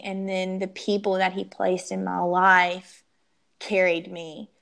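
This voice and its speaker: A young woman telling her personal story as an interview guest, emotional and halting, often restarting her sentences. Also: medium pitch, gravelly.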